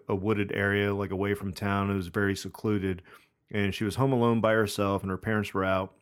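Low-voiced man telling a meandering story. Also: smooth. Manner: slow, meandering storyteller with fillers. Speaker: podcast co-host. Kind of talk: casual storytelling chat.

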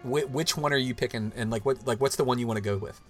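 A man in his thirties hosts a relaxed conversation, winding through his thoughts with restarts and "like." His voice sits at an ordinary pitch, with soft music faintly behind. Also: quick pace. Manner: rambling, loose, full of "like" and restarts. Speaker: podcast host. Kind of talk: casual chat.

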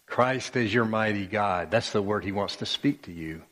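A man preaching a sermon as pastor, slow and emphatic, pausing often and repeating phrases. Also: fairly low pitch, a bit bright. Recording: long reverb of a church hall.

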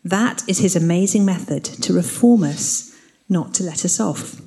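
A woman's voice: fairly low pitch, normal speed, creaky, dark tone. A woman teaching the Bible in an earnest, explanatory way. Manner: earnest, explanatory, reads scripture aloud.

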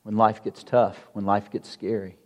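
A pastor preaching a sermon in a conversational way, asking the congregation rhetorical questions. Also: male voice, lowish voice, little pitch movement, normal speed. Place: church sanctuary. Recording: long church hall reverb.

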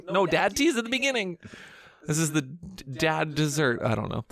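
A man's voice: fairly high pitch, big pitch swings, creaky, a bit bright, dry recording. A man co-hosting a podcast in casual chat, teasing and joking with his co-host. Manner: teasing, playful, quick with jokes.

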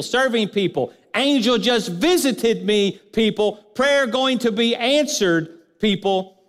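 A man preaching a sermon in a church, building repeated lists and rhetorical questions and letting his voice sink low at the ends of phrases. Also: in a large hall. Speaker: pastor.

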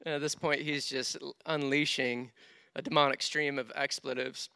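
Bright, animated male pastor preaching. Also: medium pitch, moderate pace, clean tone, dry recording, studio quality. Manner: animated, self-deprecating humor. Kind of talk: sermon with storytelling.

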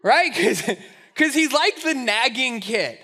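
A man's voice: very high voice, sing-song, slow pace, bright, forceful tone. A male pastor preaching a sermon in a conversational way, full of restarts and rhetorical asides.

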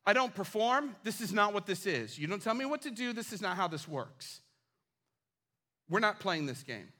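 A man voicing Jesus as a calm grown man, firm and dismissive. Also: sits high, normal speed, pitched below the performer's own voice, full character voice. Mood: stern.

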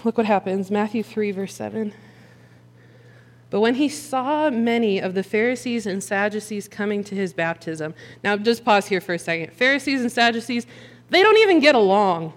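A woman preaching a sermon in an animated, joking, conversational way. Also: medium pitch, normal speed. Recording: long hall reverb.

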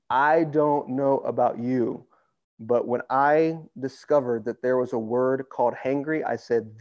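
A man preaching a casual sermon, reading scripture aloud and acting out the people in it in relaxed, everyday slang. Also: mid-range voice, dry recording, highs cut off. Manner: relaxed and conversational, acts out quotes in slang.

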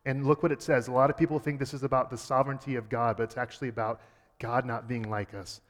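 A man giving a sermon as a pastor, earnest, dropping quiet and then rising emphatic. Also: mid-range voice, flat delivery, quick pace, long reverb tail.

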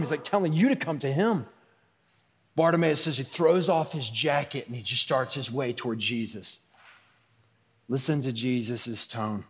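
Long hall reverb colors this recording of a male pastor preaching at normal speed in a mid-range voice. His style is relaxed and conversational, shifting between gentle asides and raised emphasis.

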